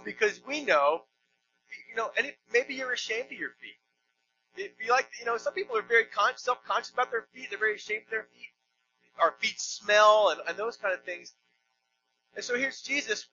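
A man's voice: sits high, bright, forceful tone, highs cut off, slight background noise. A man preaching a sermon in a church, conversational and emphatic, with joking asides. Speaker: pastor.

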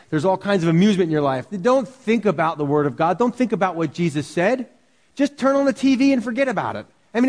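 A man's voice: high voice, darkish tone, in a large hall. A man preaching a sermon as pastor, earnest and full of rhetorical questions.

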